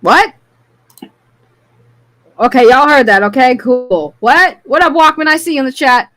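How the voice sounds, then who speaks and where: A woman hosting a casual live call-in stream, talking loudly and sassily, swearing, and rambling into her desk microphone. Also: high-pitched, a little slow. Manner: loud, sassy and profane, with rambling rants. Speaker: live call-in show host.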